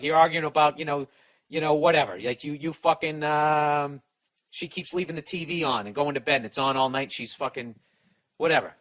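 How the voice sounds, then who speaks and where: A man's voice: a little high, fairly bright tone. A middle-aged man hosting a podcast, giving blunt, profane comic advice in a self-deprecating rant.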